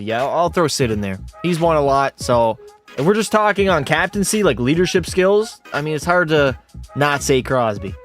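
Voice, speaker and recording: Young male streamer, slightly buzzed, high-ish voice, profane and argumentative with chat. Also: lively intonation, moderate pace, soft background music. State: tipsy from beer. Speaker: game streamer. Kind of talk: casual live-stream chat.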